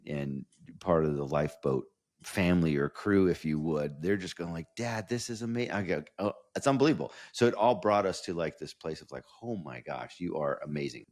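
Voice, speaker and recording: A man hosting a podcast interview, talking enthusiastically and effusively, often restarting his phrases. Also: deep voice. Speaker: podcast host.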